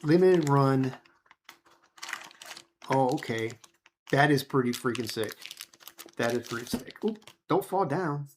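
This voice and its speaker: A man vlogging a knife unboxing in an excited, rambling, casual way, full of slang and filler. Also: medium pitch.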